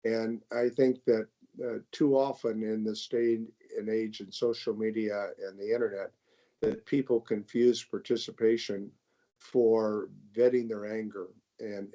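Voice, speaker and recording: An older man speaks on a panel with a low, mellow voice and a measured delivery, often doubling back on words. The recording is dull and lo-fi. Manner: measured, repeats words while thinking. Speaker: congressman. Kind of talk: panel discussion. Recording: dull lo-fi sound.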